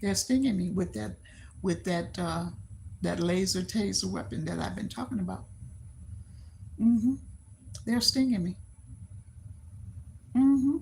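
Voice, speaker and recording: A woman's voice: mid-range voice, slow pace, creaky, pauses often, a little mellow, a little hiss or hum. An older woman hosting a late-night live-stream chat, telling stories animatedly, acting out the voices she quotes and laughing often.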